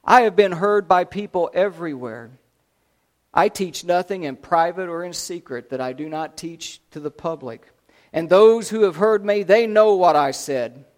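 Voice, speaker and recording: A man voicing Jesus on trial, speaking in a calm, measured way. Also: sits high, natural voice.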